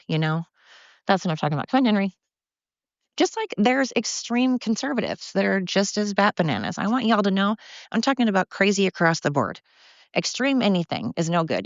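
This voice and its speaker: Low-voiced woman host, blunt fired-up solo rant, lo-fi phone sound in a dead room. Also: no room sound. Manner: blunt, fired-up ranting with profanity and self-mocking asides. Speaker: podcast host.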